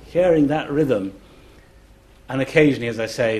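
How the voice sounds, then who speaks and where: A man speaking as a classics scholar on a festival panel, explaining in a measured, demonstrative way and chanting rhythms aloud to show them. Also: mid-range voice, background noise. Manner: measured and deliberate. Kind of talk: explanatory public talk.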